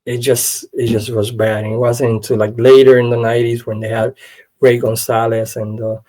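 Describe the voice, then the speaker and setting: A man hosting a podcast, telling a story in a casual, animated way with many "you know" fillers. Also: medium pitch, moderate pace, low-quality recording. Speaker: podcast host. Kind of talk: casual wrestling history commentary.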